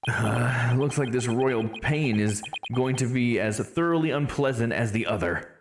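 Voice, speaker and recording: A man voicing a flustered young male defense lawyer who bursts out high-pitched and exasperated. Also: a little slow, over music, close to an everyday voice.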